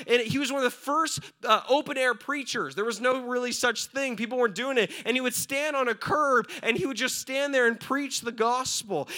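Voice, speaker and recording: High, bright-voiced young pastor preaching. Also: male voice. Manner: conversational, frequent "right?" and "like", swings from hushed to fervent. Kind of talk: sermon.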